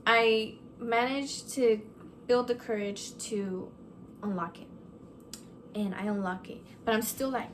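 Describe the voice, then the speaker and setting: A woman telling a ghost story in a casual storytime vlog, animated, full of "like" and swearing freely. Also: fairly high pitch, slight background noise. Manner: animated, swears, lots of "like" fillers. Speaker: vlogger.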